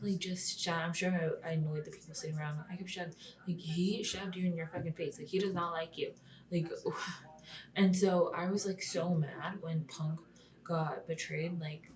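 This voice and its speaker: A woman's voice: fairly low pitch, darkish tone, far from the mic, rough recording. A young woman talking through a casual vlog recap, chatty with lots of "like", often dropping to a whisper and swearing. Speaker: wrestling vlogger.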